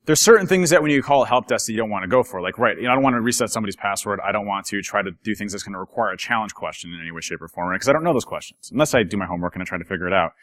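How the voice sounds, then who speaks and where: Fast-talking man at a conference. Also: on the low side. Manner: chatty, animated, acts out quoted voices. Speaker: conference speaker. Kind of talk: casual storytelling talk. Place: conference room, live audience.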